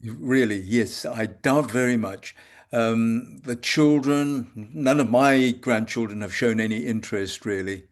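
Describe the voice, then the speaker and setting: Older man, measured and halting. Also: mid-range voice. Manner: measured, halting with frequent pauses. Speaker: homeopath guest. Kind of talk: reflective conversation. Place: home consulting room.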